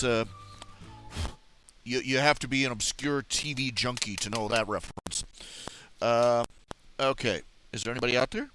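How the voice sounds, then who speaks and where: A man's voice: mid-range voice, animated, normal speed, pushed and bright, faint music behind. A man hosting a casual live stream by himself, rambling playfully with silly mock grammar and muttering to himself as he fiddles with settings.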